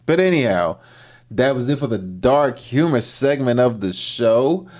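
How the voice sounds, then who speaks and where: A man's voice: mid-range voice, a little slow. A man hosting a livestream, chatting casually as he reacts to videos. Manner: animated, voices the people on screen in put-on lines.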